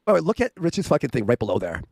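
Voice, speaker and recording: A man co-hosting a livestream, excitable and quick to laugh and swear. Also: medium pitch, gravelly, breathy edge, no room sound, clean studio sound. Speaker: stream co-host. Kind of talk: casual commentary chat.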